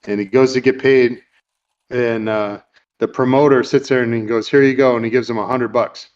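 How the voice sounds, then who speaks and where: A man chats casually as a podcast host, recounting a movie scene in a loose, rambling way full of "uh"s. His voice sits at an ordinary middle pitch. The recording is dull and lo-fi. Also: steady tone, normal speed. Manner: rambling, with many fillers and acted-out quotes. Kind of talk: casual chat retelling a film scene.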